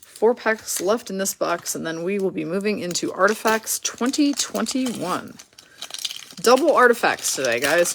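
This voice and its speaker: A woman's voice: mid-range voice, background noise. A woman hosting a live card break, rattling off names and teams in a chatty way and laughing at her own slips.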